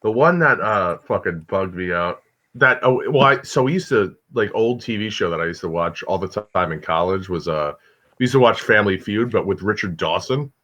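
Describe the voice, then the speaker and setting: A man with a bright, forward voice trades jokes in a casual comedy chat. His pitch swings widely as he talks, loose and full of swearing. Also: lively intonation, moderate pace. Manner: loose, joking, profane banter. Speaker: podcast participant.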